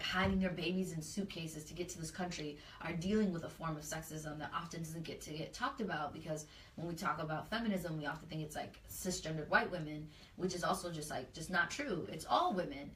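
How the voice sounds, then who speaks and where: A woman's voice: low voice, fast talker, far from the mic, slight background noise. A woman community organizer in a casual interview, speaking earnestly and loosely with lots of fillers. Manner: earnest, talks freely with many fillers. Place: indoor room, livestream. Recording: echoey room, off-mic.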